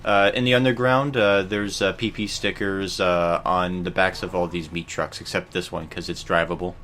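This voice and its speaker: A man's voice: sits low, fairly even intonation, moderate pace, a bit bright, a little hiss or hum. A man hosting a let's play, explaining game tips in casual commentary, hesitating with many fillers. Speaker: let's play host and player.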